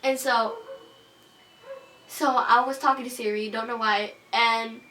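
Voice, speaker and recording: A woman telling a personal scary story for a class assignment in a dramatic, animated way, acting out her own lines. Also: fairly high pitch, a little slow. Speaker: student storyteller. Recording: distant voice with music behind.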